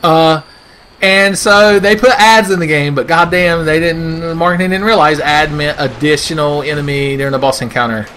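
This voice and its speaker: A man's voice: a little high, fairly even intonation, moderate pace, fairly bright tone, a little hiss or hum. A man doing sarcastic, profane comedic commentary over gameplay, ranting and putting on silly voices. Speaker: gaming video host.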